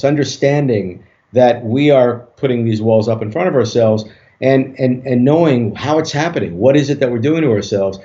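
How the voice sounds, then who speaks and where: A man, a hypnotist guest on an interview show, tells a story in a relaxed way with many fillers and restarts. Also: mid-range voice. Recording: dull lo-fi audio.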